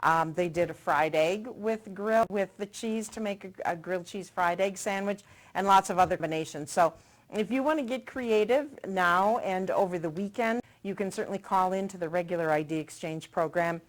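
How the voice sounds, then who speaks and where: A middle-aged local TV host keeps a friendly, promotional chat going while she tastes the food on her cooking segment. She talks at a normal speed in a lowish voice.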